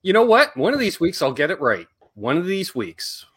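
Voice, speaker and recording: Upbeat lively-voiced male host. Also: sits high, moderate pace, husky. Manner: upbeat, reads out viewer names. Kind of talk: casual live-stream chat.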